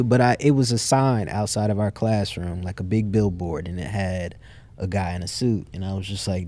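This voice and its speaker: A man's voice: low-pitched, steady tone, fairly quick, warm tone, dry recording. A man guest in a casual interview, telling his story and acting out what he and others said. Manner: storyteller who acts out his own quotes. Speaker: podcast guest, entrepreneur.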